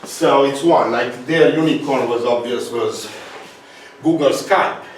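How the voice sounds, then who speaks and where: A man with a Romanian accent gives a conference talk, pausing on fillers and restarting his sentences. He is picked up from far off in a large, strongly echoing hall. A faint hum of room noise sits under him. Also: medium pitch. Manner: halting, restarts, frequent fillers. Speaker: speaker.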